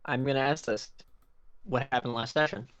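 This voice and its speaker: A man's voice: mid-range voice, fairly even intonation, normal speed, fairly bright tone. A man running a tabletop game on a live stream, chatting casually and rambling with frequent laughs. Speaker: game master. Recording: dry, slightly dull mic.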